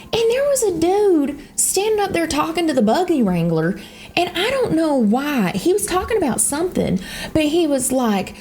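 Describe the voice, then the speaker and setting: Animated Southern woman telling stories. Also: very high-pitched, moderate pace. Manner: rambling, animated, swears freely, frequent laughter. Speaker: YouTuber. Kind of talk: casual storytelling chat.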